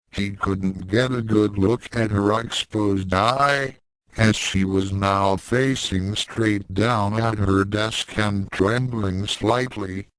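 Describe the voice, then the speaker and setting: A man narrating a fan fiction story in a calm, measured reading. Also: lowish voice, clear, resonant tone, no room sound, rough recording.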